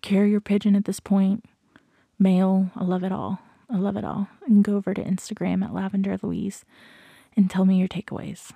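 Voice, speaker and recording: A woman hosting a podcast, giving a slow, reflective motivational talk, often dropping into soft whispers and repeating questions to the listener. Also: mid-range voice, little pitch movement, vocal fry, no room sound. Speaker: podcast host.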